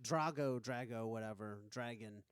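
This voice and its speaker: A man's voice: mid-range voice, normal speed, clean tone, no echo, studio quality. A man co-hosting a podcast, talking in a chatty, jokey way. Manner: chatty, jokey, trails into laughs. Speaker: podcast co-host. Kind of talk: casual chat.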